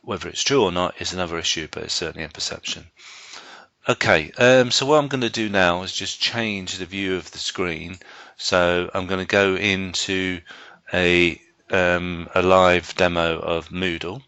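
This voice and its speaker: A man giving a live software training presentation to staff, explaining step by step with frequent ums and restarts. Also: low-pitched, steady tone, moderate pace, no echo, lo-fi sound. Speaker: learning technologist giving a staff training session.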